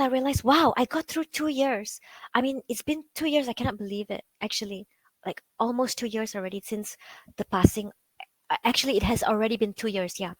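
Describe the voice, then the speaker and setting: A woman's voice: fairly high pitch, no room sound, poor audio. A woman with a Malaysian English accent giving a chatty talk as a psychology coach, often saying "like" and asking her listeners questions. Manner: chatty, peppers speech with "like", asks the audience questions. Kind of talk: conversational online talk.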